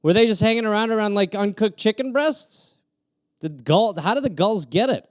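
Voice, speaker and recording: A fairly high-voiced male comedian riffs alone on viewer prompts during a livestream, bouncing from rants to quick mocking asides in a sarcastic, animated way. His audio is close and dry, with no echo or room around it.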